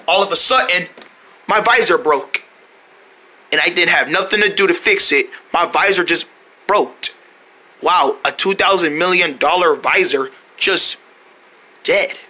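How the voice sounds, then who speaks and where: A man's voice: high-pitched, a little slow, pauses often, sharp tone. A man telling a rambling first-person story skit in a playful, run-on way, adding his own sound effects. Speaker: storyteller voicing a character.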